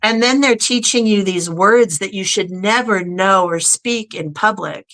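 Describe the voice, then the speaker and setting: Speaking a little slowly at medium pitch with a slightly bright quality, this American podcast guest chats away and performs the voices of those she quotes. There's slight background noise.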